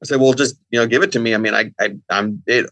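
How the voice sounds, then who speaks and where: Brief: middle-aged male podcast guest, quick rambling delivery, dry close mic. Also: medium pitch, gravelly, fairly bright tone, dry recording. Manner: rambling, lots of fillers and quoted dialogue. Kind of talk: casual storytelling.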